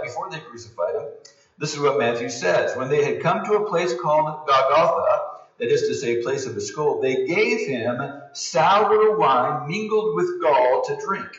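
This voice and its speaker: A man preaching a sermon as pastor, earnest, rising for emphasis and dropping to hushed low passages. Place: church sanctuary. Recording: roomy, distant, dull sound.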